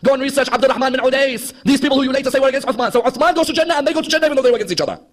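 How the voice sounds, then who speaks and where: A man's voice: very high-pitched, racing. A man giving an impassioned religious history lecture, asking the audience rhetorical questions and acting out quoted dialogue. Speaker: Shia preacher.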